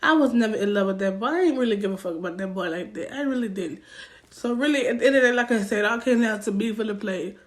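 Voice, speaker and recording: A young woman with a Southern US accent, telling a story-time vlog in a casual, loud and profane way, acting out what people said. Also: medium pitch, quick pace. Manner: animated, loud and profane, acting out quotes with rising heat.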